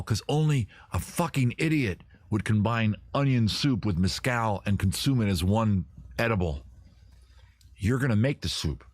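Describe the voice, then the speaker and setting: A man hosting a livestream from home, riffing on viewer questions in a rambling, crude, deadpan absurd way. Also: lowish voice, no echo. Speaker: host. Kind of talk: improvised comic livestream answering viewers.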